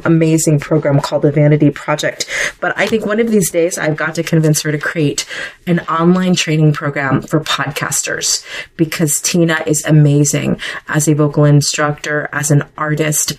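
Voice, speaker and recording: A woman's voice: sits low, low-quality recording. A middle-aged woman hosting a solo podcast. She talks in a conversational way and often wanders into asides before coming back to her point. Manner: conversational, chatty with digressions. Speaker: podcast host.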